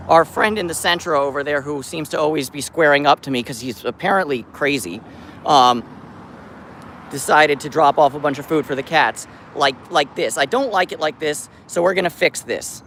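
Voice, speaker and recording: A man vlogging outdoors on a city street about the cats he looks after, chatting casually to the camera and greeting the cats in a high sing-song voice. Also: vocal fry, fairly bright tone, a little hiss or hum. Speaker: vlogger caring for a street cat colony. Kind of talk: casual vlog talk to camera.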